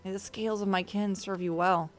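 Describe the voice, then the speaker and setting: A woman's voice: fairly high pitch, fairly quick, close to an everyday voice. A woman voicing an ancient male dragon who speaks through a construct, in a stately, formal way with a put-on foreign accent. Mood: solemn.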